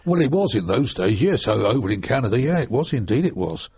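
A man's voice: medium pitch, sing-song, brisk, darkish tone, breathy edge, dry recording. An older man, chattily reminiscing in an oral history interview with rambling asides, on a dull lo-fi dry recording. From United Kingdom. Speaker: interviewee, former RAF trainee pilot.

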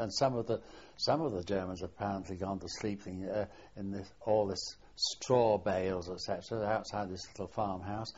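An elderly man looks back on his wartime service in an oral history interview, his voice sitting low. He speaks haltingly, restarting often and letting sentences sink away softly. The sound is dull and lo-fi, like an old archival tape. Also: husky. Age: older. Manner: halting reminiscing, trailing off softly. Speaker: war veteran interviewee.

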